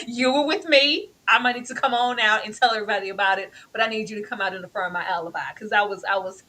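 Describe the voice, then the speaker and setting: A woman co-hosting a casual TV recap chat, animated, laughing often and acting out quotes. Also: medium pitch, fast. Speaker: podcast co-host.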